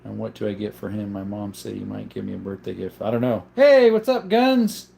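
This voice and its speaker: This livestream host, a young man, has a lowish, gravelly, warm voice that's expressive and brisk. He reads viewers' comments aloud and answers them in a relaxed, chatty manner.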